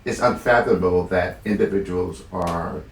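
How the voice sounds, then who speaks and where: Man, very low voice, earnest podcast talk, echoey room, distant mic. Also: moderate pace. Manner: earnest, thoughtful, frequent restarts. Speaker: podcast co-host. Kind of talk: casual discussion. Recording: roomy echo, a bit far from the mic.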